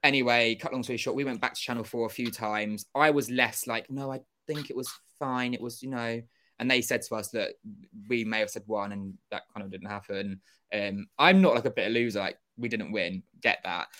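A young man telling a story as an interview guest, animated and acting out quoted dialogue, with casual swearing. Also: fairly low pitch, brisk. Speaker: interview guest, former contestant.

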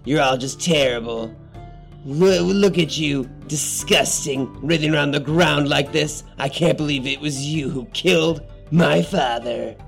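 A man's voice: on the high side, a little slow, gravelly, soft background music. A man voicing an angry male Charoka warrior who accuses the group of killing his father. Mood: contemptuous. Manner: accusing, spitting contempt.

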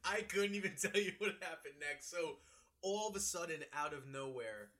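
A man in his twenties, co-hosting a podcast in casual chat, laughing along and adding quick asides. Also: a little high, lively intonation, pushed and bright. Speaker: podcast co-host.

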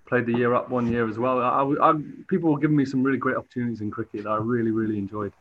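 A man's voice: medium pitch, fairly even intonation, racing, slight background noise. A man from England, a football goalkeeper, answering interview questions hesitantly with many restarts. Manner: hesitant, lots of fillers and restarts. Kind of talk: relaxed sports interview. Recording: dull lo-fi audio.

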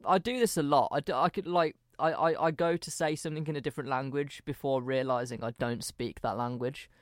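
A man's voice: medium pitch, fairly even intonation, normal speed, no room sound, studio quality. A man with a Birmingham accent co-hosting a podcast, self-deprecating and blunt, with some swearing. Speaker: podcast co-host. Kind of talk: casual chat.

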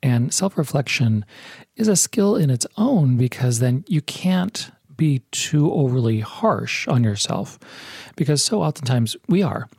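Husky man interviewer, dry sound. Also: medium pitch, very animated, unhurried, a little mellow, no room sound. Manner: affirming, reflective. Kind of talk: interview, conversational questions.

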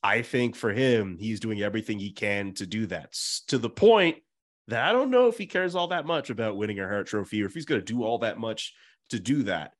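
A man hosting a casual sports podcast, running the talk with playful, animated banter. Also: on the low side, a little fast. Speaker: podcast host.

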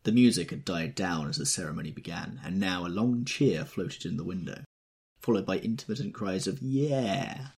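A man's voice: low voice, a little fast, slightly rough. A man reading an audiobook aloud in a wry, reflective storytelling manner. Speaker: audiobook narrator. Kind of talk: scripted audiobook narration.

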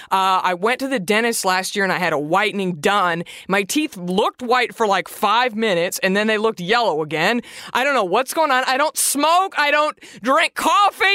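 Bright, playful woman hosting a podcast. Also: on the high side, no echo, clean studio sound. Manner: expressive and playful, with sudden bursts of emphasis. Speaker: podcast host. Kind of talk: casual podcast chat.

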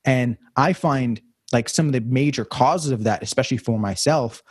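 A man's voice: mid-range voice, moderate pace, slightly rough, no echo, clean studio sound. A young man talking through his thoughts in a casual conversation, rambling and reflective with many fillers and restarts.

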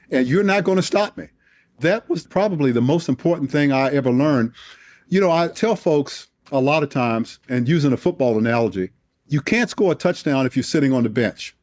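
A man in his sixties, a retired general, telling a personal story in an animated, emphatic way. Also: on the high side, dry recording, studio quality. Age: 60s. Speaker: guest, retired Air Force general. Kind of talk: storytelling in an interview.

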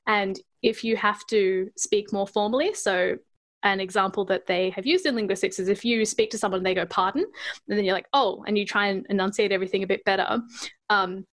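A woman's voice: medium pitch, steady tone, brisk, fairly bright tone. Chatty Australian woman with Adelaide accent. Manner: chatty, laughs often, hesitant with ums. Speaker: podcast co-host. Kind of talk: casual chat.

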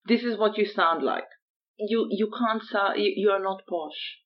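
A woman's voice: medium pitch, unhurried, highs cut off. A woman with a non-native English accent co-hosting a podcast, blunt and teasing, swearing freely. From immigrant to Britain. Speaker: podcast co-host. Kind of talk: casual chat.

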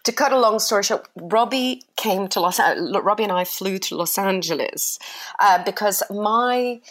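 Animated woman telling a funny story. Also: medium pitch, moderate pace. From Iran. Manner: animated storyteller, acts out voices, laughs often. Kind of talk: casual chat.

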